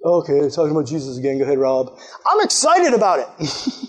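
A young man preaching a sermon as a youth pastor, energetic and excitable, acting out quoted voices as he goes. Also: a little high, quick pace, breathy edge.

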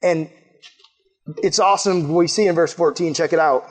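A man's voice: a little high, normal speed. A man preaching a casual sermon to young people, enthusiastic and chatty, often saying "like" and "man". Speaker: youth pastor.

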